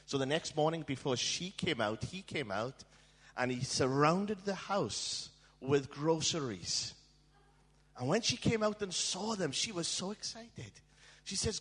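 A man's voice: a little high, expressive, moderate pace, a bit bright. A male preacher telling a story in a sermon and asking the audience questions, in an echoey hall.

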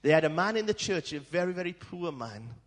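A man preaching a storytelling sermon in a church, dramatic and swinging from hushed tones to shouting. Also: fairly high pitch, lively intonation, brisk. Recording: long hall reverb.

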